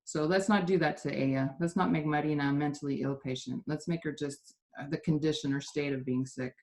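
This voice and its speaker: A woman with a slightly low voice teaches a language class over a video call. She explains the grammar patiently, repeats her points and corrects how her students pronounce words. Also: steady tone, a little fast, a little mellow. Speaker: Spanish teacher. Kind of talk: online class instruction.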